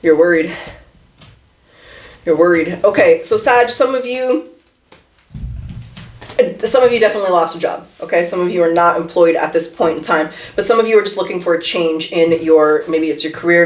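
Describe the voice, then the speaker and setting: A woman giving a casual tarot reading, chatty and animated, talking straight to the viewer from a room at home. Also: lowish voice, reverberant. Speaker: tarot reader. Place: room at home, seated in a chair.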